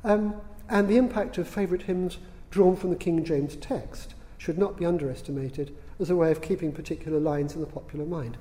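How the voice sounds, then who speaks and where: A man lectures to an audience in a large hall, dry and witty, pausing on the odd "um." His voice sits a little high for a man yet sounds mellow and warm. A long reverb trails each phrase. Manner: dry, witty, unhurried, with fillers. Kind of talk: public lecture.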